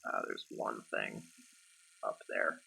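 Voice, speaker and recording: A man's voice: a bass voice, little pitch movement, slow pace, creaky, background noise. A man giving casual gameplay commentary during a speedrun, chatty, sarcastic and rambling.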